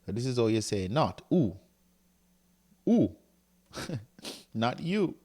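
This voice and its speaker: A man's voice: medium pitch, very animated, takes it slowly, warm tone. A man teaching a recorded grammar lecture, explaining step by step and often checking in with "right?" while he reads from a textbook and writes on a board. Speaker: Greek teacher.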